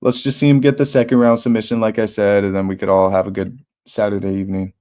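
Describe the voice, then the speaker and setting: A man's voice: fairly low pitch, flat delivery, fast, a little mellow. A young man hosting a live fight watch party, talking casually and bluntly with slang and swearing. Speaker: livestream host.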